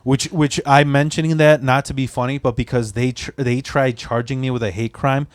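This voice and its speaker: A podcast host from the Chicago area who tells a long story in a casual, profane, rambling way. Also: male voice, mid-range voice, fairly even intonation, moderate pace, no echo. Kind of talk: casual chat.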